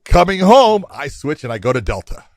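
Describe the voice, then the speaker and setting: A man's voice: a little high, moderate pace, no echo. Laughing man telling travel stories. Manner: animated anecdotes, laughs often, acts out quoted exchanges. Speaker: podcast co-host. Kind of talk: casual storytelling chat.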